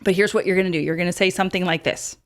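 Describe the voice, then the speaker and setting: A woman's voice: on the low side, steady tone, rapid-fire. A woman in her thirties hosting a casual advice podcast, chatty, with many fillers and frequent laughs. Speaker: podcast host.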